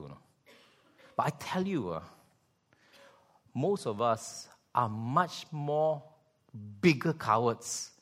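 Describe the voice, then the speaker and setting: A man preaching a sermon, asking rhetorical questions and acting out scenes with sound effects. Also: on the low side. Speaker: pastor.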